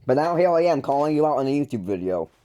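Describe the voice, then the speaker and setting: A man with a dark, mellow voice ranting through a call-out monologue. He trips over his words and restarts constantly, with a mocking, exasperated edge. His pitch sits in a middling range. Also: sing-song, fast talker. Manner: rambling, with frequent stumbles and restarts. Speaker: YouTuber calling out his older brother.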